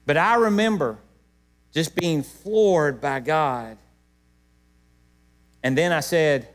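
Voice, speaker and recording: Middle-aged male pastor preaching, kinda high voice, gets loud then goes real quiet and emotional. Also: slow, long pauses. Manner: emotional, swings from loud emphatic peaks to hushed low lines. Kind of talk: sermon.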